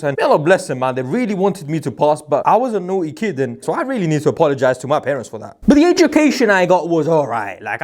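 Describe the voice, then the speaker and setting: A man's voice: fairly high pitch, darkish tone. A young man giving a casual, chatty motivational talk to camera, mixing slang with religious phrases. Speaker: recruitment business vlogger.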